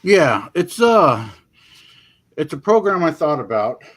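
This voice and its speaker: A man's voice: a little high, sing-song, slow, a bit bright. Rambling, folksy man in casual chat. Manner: rambling, folksy, fills with "you know". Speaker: guest, paranormal investigator.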